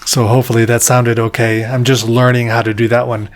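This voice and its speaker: A man's voice: mid-range voice, little pitch movement, a little fast, over loud music. Man teaching jaw harp step by step. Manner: patient, step-by-step explaining; self-deprecating about his playing. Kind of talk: instructional tutorial.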